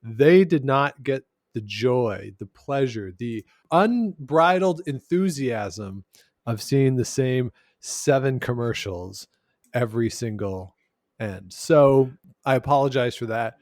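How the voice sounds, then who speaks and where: A man's voice: mid-range voice, animated, takes it slowly, darkish tone, no echo, clean studio sound. A man co-hosting a podcast in casual chat, jokey and talkative, with filler "uh"s. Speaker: podcast co-host. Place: lives in Canada's capital.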